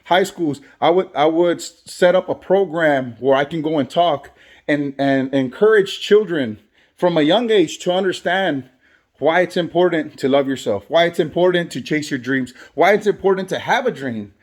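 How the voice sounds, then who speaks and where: A man who is a barber and father, talking earnestly in a motivational vlog and repeating phrases for emphasis. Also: on the high side. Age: adult, has kids. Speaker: barber and vlogger.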